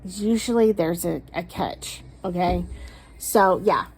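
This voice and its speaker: A woman's voice: on the low side, a little mellow, husky. A woman doing a casual tarot reading, blunt and emphatic, swearing often as she rants and gives advice. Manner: blunt, ranting, swears a lot; emphatic, stresses words slowly. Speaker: tarot reader.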